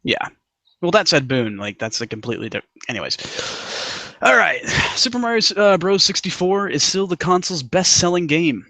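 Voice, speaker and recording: Male podcast host, relaxed trivia reader, slightly raised pitch, dry recording. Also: brisk, no echo. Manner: easygoing, laughs often. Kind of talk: casual chat, reading out trivia.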